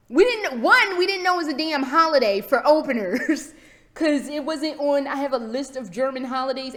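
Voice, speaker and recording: A young American woman ranting casually to camera as a vlogger, hyper, rambling and swearing freely. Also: high-pitched. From United States. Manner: hyper, profane, rambling and animated.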